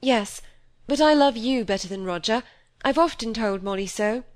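A woman's voice: fairly high pitch, lively intonation, normal speed, pitched above the performer's own voice, lightly acted. A woman reading an audiobook, voicing a wilful, proud young woman who talks with bitter passion. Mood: defiant. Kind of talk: audiobook character voice.

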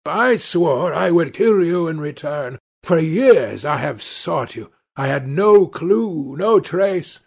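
Male narrator as a menacing sailor in an audiobook, slow, emphatic, somewhat high voice. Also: expressive, creaky, a little mellow, slightly rough, full character voice. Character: vengeful rough sailor brother, threatening, grim.

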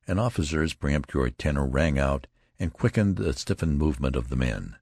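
A man reading a novel aloud in a measured, deliberate way, as scripted narration. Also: very deep voice, expressive, a little mellow, no echo, studio quality. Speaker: audiobook reader.

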